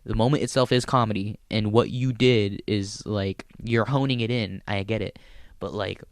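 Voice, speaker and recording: A man's voice: on the low side, normal speed, dry recording, clean studio sound. A man who is a stand-up comedian, telling stories in a casual, profane, rambling way. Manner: profane, rambling, animated storyteller. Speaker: stand-up comedian and show host. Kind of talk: casual storytelling chat.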